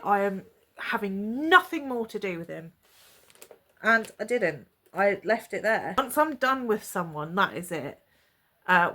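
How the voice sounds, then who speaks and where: A woman's voice: on the high side, fairly bright tone. A woman, chatting to camera and retelling a personal story with lots of quoted dialogue. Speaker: vlogger.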